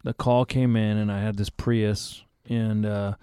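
Middle-aged guy, actor, spinning an animated story, smooth and dry. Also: fairly low pitch, a little slow, dry recording. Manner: animated storyteller, acts out his own panicked inner voice. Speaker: actor guest. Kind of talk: casual interview storytelling.

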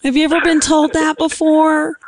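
A woman's voice: high voice, level tone, normal speed, no echo. A woman co-hosting a podcast, chatting in a dry, teasing way. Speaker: podcast co-host. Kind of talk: casual chat.

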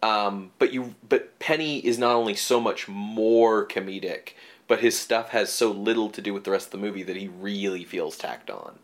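A man with a fairly low voice co-hosts a casual movie review podcast at a moderate pace. He talks in rambling stretches packed with fillers and restarts.

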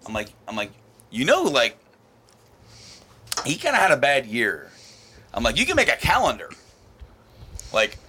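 A man's voice: mid-range voice, measured pace, pauses often, breathy edge. A man casually telling a long story among friends, rambling and acting out what others said. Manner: rambling storyteller, animated, laughs while acting out quotes. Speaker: podcast co-host telling a story. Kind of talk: casual chat.

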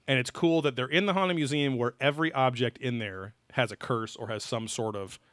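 A man's voice: mid-range voice, brisk, a bit bright, dry recording. A man co-hosting a podcast, chatting casually over beers, rambling loosely and swearing offhandedly. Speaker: podcast co-host.

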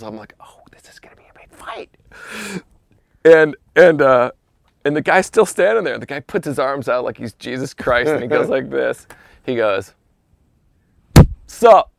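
Gravelly man telling a profane anecdote. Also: fairly high pitch, dry recording. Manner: animated anecdote with profanity and whispered asides. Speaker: guest telling a story. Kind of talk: casual podcast storytelling.

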